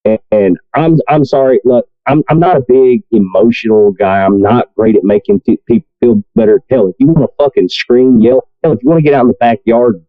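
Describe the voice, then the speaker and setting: A man speaks briskly in a medium-pitched voice with few pauses, on a dry recording with narrow, tinny audio. Co-hosting a podcast in casual chat, he is blunt and profane and often pokes fun at himself.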